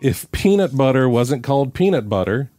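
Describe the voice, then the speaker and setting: A man's voice: medium pitch, big pitch swings, normal speed, over music. A man hosting a podcast, chatting casually as he reads out quiz questions and riffs on the answers. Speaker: podcast host. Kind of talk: casual interview chat.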